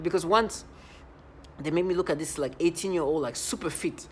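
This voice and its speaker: A man talking to camera in a rambling, halting monologue, repeating words and stressing points earnestly. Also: fairly high pitch, a little hiss or hum. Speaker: vlogger.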